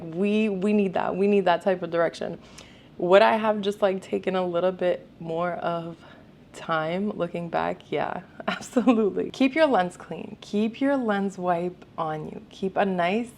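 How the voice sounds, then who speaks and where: A woman's voice: on the low side, slight background noise. A young woman photographer giving casual vlog advice, emphatic and repeating her points, sometimes swearing offhand.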